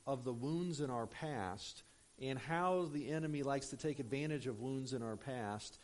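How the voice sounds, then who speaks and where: A man's voice: medium pitch, moderate pace. A man preaching a sermon in a conversational, storytelling way, with frequent fillers and asides to the congregation. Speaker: pastor.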